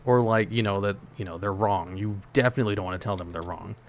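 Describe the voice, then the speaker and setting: A man's voice: on the low side, quick pace. A male streamer chatting casually with his viewers while he plays, in a laid-back, rambling way with lots of "like" and "you know". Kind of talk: casual chat while gaming, answering chat.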